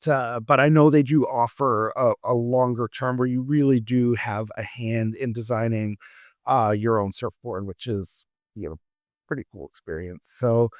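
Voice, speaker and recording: A man's voice: medium pitch, smooth, no echo, studio quality. A man co-hosting a casual travel podcast, rambling with many fillers and restarts. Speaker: podcast co-host.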